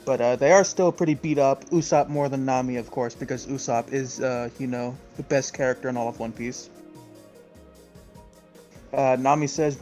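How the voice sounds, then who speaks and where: A man co-host recaps a comic chapter in an easygoing, rambling way, packed with fillers. His voice sits at an ordinary, middle pitch for a man. The talk is loose and conversational. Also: moderate pace, faint music behind, low-quality recording. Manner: relaxed, rambling with many fillers; laughs often. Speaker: podcast co-host. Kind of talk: casual chat recapping a comic.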